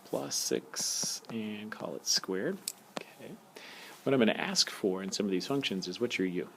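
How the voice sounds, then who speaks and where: A man in a recorded calculus lesson, talking loosely and cracking small jokes as he writes. His voice sits low with a gravelly edge. A faint hiss runs under the screencast audio. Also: a little slow. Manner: relaxed, jokey, talks while writing. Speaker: math teacher. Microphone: tablet screencast mic.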